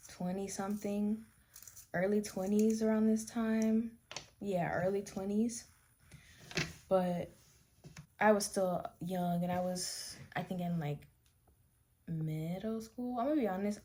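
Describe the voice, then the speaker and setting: Fairly low-pitched and warm, this young vlogger's voice carries a candid, meandering story while she does her makeup. She frequently restarts sentences in this casual get-ready-with-me video.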